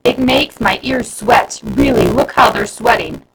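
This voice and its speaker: A woman's voice: a little high, a little slow, gravelly, low-quality recording. A woman reading aloud and voicing a scheming schoolboy who talks in a wheedling, over-dramatic way, with background noise. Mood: whiny. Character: scheming, fast-talking schoolboy narrator.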